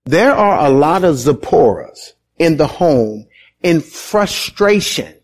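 A man preaching a sermon as pastor, conversational and repetitive, rising into shouted emphasis. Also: fairly high pitch, breathy edge.

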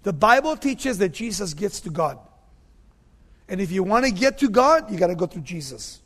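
Emphatic preacher with a high voice. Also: male voice, big pitch swings, normal speed, long reverb tail. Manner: emphatic, repeats key phrases, drops to low quiet tones. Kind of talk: sermon.

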